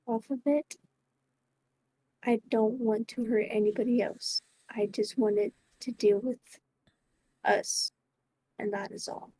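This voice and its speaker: A woman playing her character in a tabletop game, speaking softly and hesitantly. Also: fairly high pitch, no room sound, rough recording. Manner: soft, hesitant. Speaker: player.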